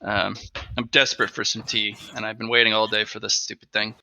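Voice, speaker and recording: A man chatting casually at home on an online call, rambling and animated, talking to his dog between stories. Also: fairly low pitch, fairly quick, vocal fry, dry recording. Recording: dull, dry lo-fi mic.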